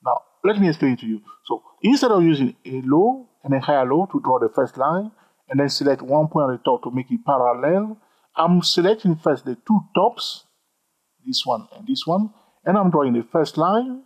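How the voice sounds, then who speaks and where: A man with a husky voice teaching a trading chart tutorial, animated, repeating himself and joking with viewers. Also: a little high, moderate pace, low-quality recording. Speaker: trading instructor. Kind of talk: screen-recorded chart tutorial.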